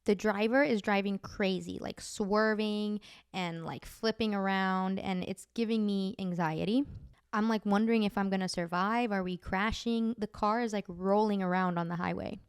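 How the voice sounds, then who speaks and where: A woman's voice: mid-range voice, fairly even intonation, normal speed, smooth, no echo, clean studio sound. A woman podcast host chattily telling dream stories, full of "like" fillers. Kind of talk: casual storytelling.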